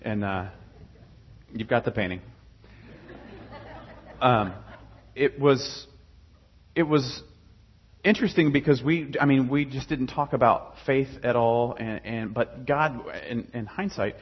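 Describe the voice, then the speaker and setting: A man's voice: medium pitch, takes it slowly, pauses often, husky, highs cut off. A young adult man casually telling his personal faith story, rambling with many fillers and restarts.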